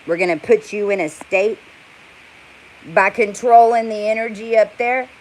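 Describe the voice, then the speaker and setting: A woman's voice: mid-range voice, normal speed, poor audio. A woman delivering an angry, profane, rambling rant to camera. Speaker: vlogger. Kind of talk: heated monologue to camera.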